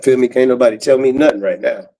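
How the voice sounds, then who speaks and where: A man's voice: medium pitch, quick pace, mellow, rough recording. A man YouTuber talking in a casual rambling monologue, full of street slang, chuckles and trailing fillers.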